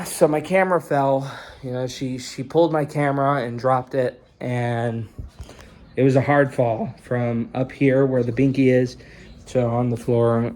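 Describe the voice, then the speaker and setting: A man's voice: medium pitch, a little mellow. A young man telling a story in a casual vlog from a room indoors, rambling and swearing, with "you know" and "dude" in almost every sentence. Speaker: vlogger.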